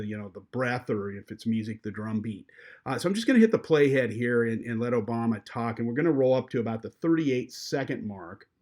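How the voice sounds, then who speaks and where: Relaxed man talking through a software tutorial. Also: mid-range voice. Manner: relaxed, with frequent fillers. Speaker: journalism instructor. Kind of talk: screen-recorded software tutorial.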